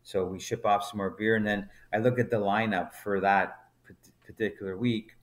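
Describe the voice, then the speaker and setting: A man's voice: lowish voice, moderate pace. A man, a brewery co-founder guest on a podcast, telling an anecdote and acting out the dialogue as he goes. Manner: animated storyteller, acts out dialogue in quotes. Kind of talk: storytelling anecdote in conversation.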